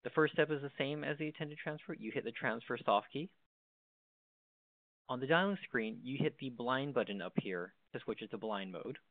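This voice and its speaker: Speaking at a moderate pace and medium pitch, a man presents an instructional walkthrough of a desk phone's basic features, keeping it plain and step-by-step. The sound is dry and phone-like, with no room ambience.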